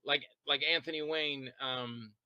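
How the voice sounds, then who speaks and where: A man chatting as an interview guest, telling long rambling stories about making films, quick to laugh and to act out what others said. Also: on the high side, steady tone, sharp tone, clean tone, no echo, muffled recording. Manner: rambling anecdotal storytelling. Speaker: interview guest, independent filmmaker and actor. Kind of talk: casual interview chat.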